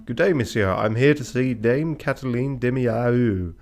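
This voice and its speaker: A man's voice: mid-range voice, measured pace, gravelly, faint music behind, voice pushed up. A man reading a pompous bird lawyer. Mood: formal.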